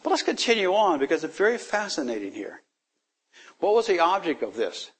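A man's voice: high voice, fairly quick, breathy edge. A man leading a casual Bible study, talking things through, reading verses aloud and joking with the group. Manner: animated, laughing, reads verses aloud.

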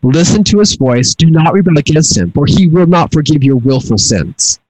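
A man's voice: on the high side, expressive, normal speed, a little mellow, poor audio. A middle-aged man teaching from the Torah in an earnest way, often repeating and restarting his words. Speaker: Bible teacher.

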